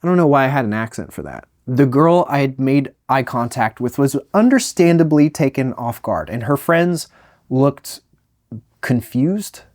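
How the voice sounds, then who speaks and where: A young man spinning a funny personal story with animated energy and self-deprecating asides. His voice sits at an ordinary middle pitch, recorded close and dry with no room sound. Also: a little slow, no echo. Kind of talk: comedic storytime narration.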